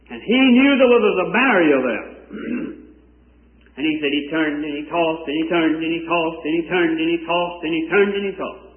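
A man with a high voice preaches to a church congregation and draws out scripture verses in a fervent, sing-song cadence. His voice rings through a large reverberant hall. The recording sounds thin and tinny, like it came over a phone line. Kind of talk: sermon. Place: church service before a congregation.

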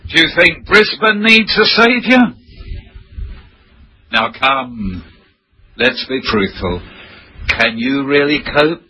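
A man preaching a sermon in a slow, emphatic way, full of rhetorical questions. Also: on the high side, lively intonation, sharp tone, a little hiss or hum, rough recording.

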